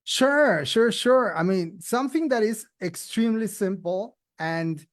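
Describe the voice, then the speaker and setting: A man's voice: high-pitched, measured pace. A man sharing social media tips in a casual online talk, chatty and full of "you know" and "I mean". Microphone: video call.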